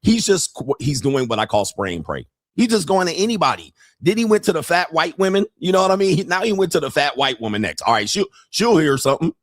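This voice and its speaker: A man's voice: fairly high pitch, sing-song, fast talker, hardly any pauses, dry recording, clean studio sound. A man streaming reaction commentary on street pickup videos, blunt and profane, laughing often as he mocks what he watches, speaking.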